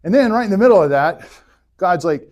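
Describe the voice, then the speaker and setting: A man teaching an adult church class, retelling scripture in a casual, joking way with quick bursts of character voices. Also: sits high, animated, a little mellow. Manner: jokey retelling, voices biblical figures in bursts. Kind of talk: casual Bible history lecture.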